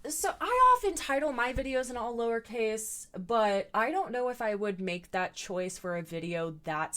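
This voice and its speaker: A woman's voice: lowish voice, a bit bright. A young woman recording a casual commentary video at home, talking with sarcastic asides, her voice a little tired. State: voice getting tired. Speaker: commentary YouTuber. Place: at home in front of a camera.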